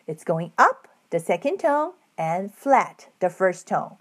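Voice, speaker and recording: A woman teaching a Mandarin lesson, modeling each tone with exaggerated pitch swoops. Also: very animated, measured pace, hardly any pauses. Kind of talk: slow, patient language lesson.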